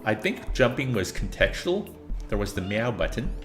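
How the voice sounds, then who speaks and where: Low-voiced man rambling while gaming. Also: big pitch swings, normal speed, faint music behind. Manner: rambling, self-deprecating, laughs often. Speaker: game streamer. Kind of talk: casual chat while playing a game.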